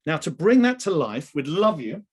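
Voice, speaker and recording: Lively man leading an online sales training. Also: on the high side, moderate pace, husky. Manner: lively, emphatic, rhetorical questions. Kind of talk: live online training session. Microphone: video call.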